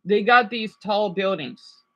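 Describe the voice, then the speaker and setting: A man's voice: sits high, takes it slowly, dull audio. A man from Arizona giving casual reaction commentary, rambling with stammering restarts and swearing. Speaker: video commentator.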